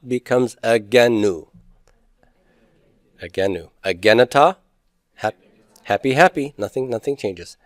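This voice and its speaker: A man's voice: fairly low pitch, dry recording. A man teaching a Greek grammar lesson, chatty and teasing, drilling word forms aloud. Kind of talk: recorded classroom lecture.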